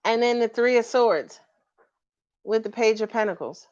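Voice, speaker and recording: A woman doing a live-stream tarot reading, sassy and animated and laughing often. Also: a little high, moderate pace, no room sound, muffled recording. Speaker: tarot reader.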